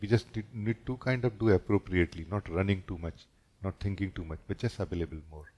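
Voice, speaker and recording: A low-pitched man speaks at a quick pace as he leads a gentle, thoughtful satsang as a spiritual teacher. Many of his sentences wrap up with a questioning "no?".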